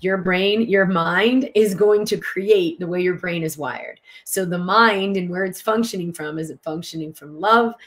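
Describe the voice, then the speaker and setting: A middle-aged woman hosts a live-stream teaching talk. Her voice sits somewhat low, and she stresses her points with earnest conviction while answering viewer questions. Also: unhurried, hardly any pauses. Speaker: host and physician teaching tapping.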